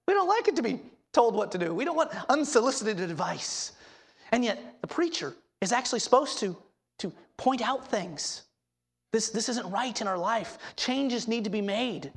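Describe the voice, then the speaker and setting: A woman pastor preaching a sermon in an earnest, emphatic way, dropping low and soft on key words and asking the congregation questions. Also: breathy edge. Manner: asks the congregation rhetorical questions.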